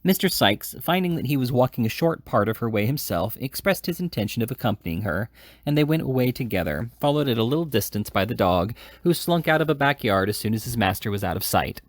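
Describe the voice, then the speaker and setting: A man's voice: medium pitch, expressive, brisk, no room sound, studio quality. Man reading a classic novel aloud. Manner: casual, with slips and restarts. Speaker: reader. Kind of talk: audiobook reading.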